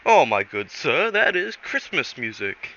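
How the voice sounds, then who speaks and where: A man voicing a pompous gentleman hunter with posh, mannered speech, in a dull lo-fi recording. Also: on the high side, big pitch swings, unhurried, slight background noise, voice pushed up, exaggerated voice. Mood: genteel. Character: pompous old-world gentleman hunter, male.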